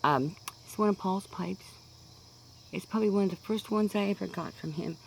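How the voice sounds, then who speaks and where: A woman's voice: mid-range voice, normal speed, vocal fry, a little mellow, low-quality recording. Woman, 60s, Kansas accent, casual chatty vlogger who wanders off topic; recorded outdoors with faint insect noise. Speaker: pipe-smoking vlogger. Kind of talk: casual rambling monologue.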